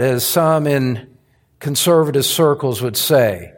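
A man preaching a sermon as pastor, earnest and emphatic, with deliberate phrasing that presses each point home in a church. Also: mid-range voice, expressive, a little mellow.

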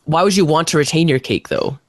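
A man co-hosting a podcast in casual chat, chatty and quick to laugh, trailing off with fillers. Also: fairly high pitch. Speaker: podcast co-host.

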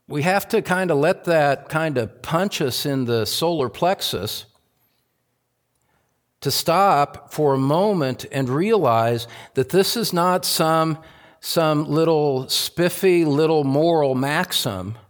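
A pastor preaching with real emphasis, his fairly high voice climbing loud on key phrases and then sinking low. He repeats himself for weight and leans hard into each point. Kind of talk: sermon.

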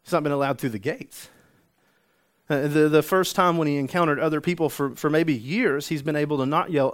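A man preaching a sermon, an animated storyteller who acts out the scenes he describes. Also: a little high, a little fast. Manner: animated storytelling, acts out the healed man's joy. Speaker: pastor.

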